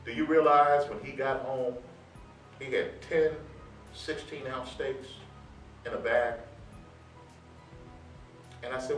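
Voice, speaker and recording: A man telling a personal story in a sermon, quoting scripture and building to loud proclamations. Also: mid-range voice, slow pace, pauses often. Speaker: preacher. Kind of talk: sermon testimony. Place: church sanctuary. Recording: roomy sound from far off with music.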